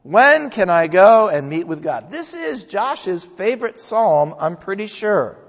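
An older male pastor gives a folksy, joking sermon with a lively voice that swoops up and down. His voice sits high for a man. The recording is dull and carries a long echo from the church hall. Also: measured pace. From New England. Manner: folksy, joking, animated preaching. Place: church sanctuary.

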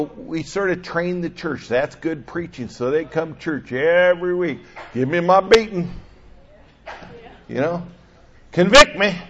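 An older male pastor preaching a sermon, animated, swinging between loud bursts and soft asides. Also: medium pitch. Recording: dull lo-fi sound.

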